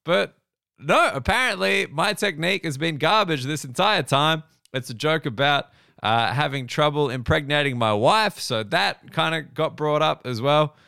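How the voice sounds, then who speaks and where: Australian male comic, 30s, gravelly and smooth, dry close sound, rambling monologue. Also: fairly high pitch, animated, normal speed, pushed and bright, no echo. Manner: rambling, profane, self-deprecating. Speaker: comedian and podcast host. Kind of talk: casual comedic monologue.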